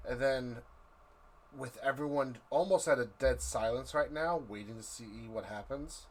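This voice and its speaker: A man narrating as game master of a tabletop game, drawing out his descriptions. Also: mid-range voice. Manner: slow, drawn-out, vivid description.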